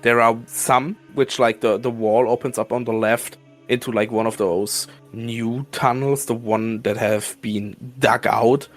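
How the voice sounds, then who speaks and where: A man's voice: mid-range voice, steady tone, unhurried, faint music behind. A man narrating a horror tabletop game as game master, casual and full of fillers, relishing gory detail. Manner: casual, filler-heavy, gleeful gore description.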